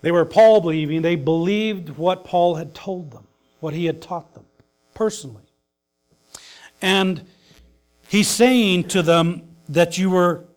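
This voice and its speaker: A male pastor preaching a sermon, swinging between emphatic loud lines and hushed soft ones. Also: high-pitched.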